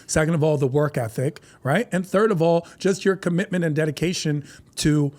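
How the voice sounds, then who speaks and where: A man with a high, light voice talks in a loose podcast chat. He jokes constantly, laughs through his own lines and drops into quick character voices as he tells stories. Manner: animated, joking, laughs often, does voices. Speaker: comedian guest. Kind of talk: casual podcast conversation.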